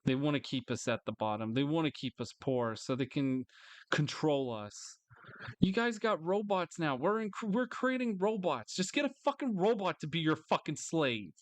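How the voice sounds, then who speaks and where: A man's voice: expressive, normal speed, no room sound. Angry swearing man ranting to camera. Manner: frustrated, swearing, repetitive; bursts into higher mocking voices. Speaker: vlogger.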